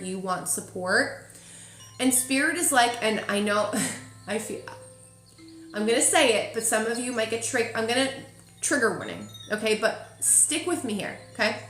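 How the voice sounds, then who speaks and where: A woman's voice: medium pitch, fairly bright tone. A woman giving a casual spiritual forecast, chatty and emotional, often checking in with "okay?". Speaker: intuitive reader. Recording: echoey room with faint ambience.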